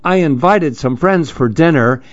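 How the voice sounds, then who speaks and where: A man voicing a cheerful, easily flustered female duck in a bright, excitable way. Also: a little high, a little slow, dull audio. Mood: excited.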